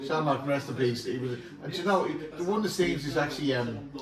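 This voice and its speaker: A man's voice: mid-range voice, animated, a little fast, a crowd in the background. A man in his forties co-hosting a podcast in casual chat, rambling and repeating words as he tells a story. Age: 40s. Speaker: podcast co-host. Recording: echoey room, mic at a distance.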